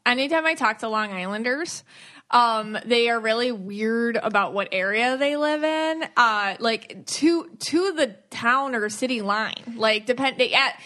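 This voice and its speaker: A woman hosting a podcast about auras, chatting casually and teasing her co-host with quick laughs. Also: on the high side, lively intonation, fairly bright tone. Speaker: podcast host, aura reader.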